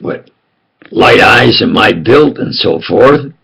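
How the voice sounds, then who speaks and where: A man's voice: lowish voice, expressive, takes it slowly, vocal fry, a bit bright, breathy edge, low-quality recording. An older man telling rambling, jokey personal stories and often asking if you understand. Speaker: self-styled preacher.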